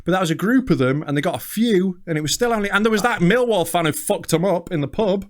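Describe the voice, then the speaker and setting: A man co-hosting a comedy podcast, rambling through sweary, animated stories. His voice sits fairly high for a man and swings up and down with lively energy. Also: quick pace. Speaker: podcast co-host. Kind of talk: casual comedic chat.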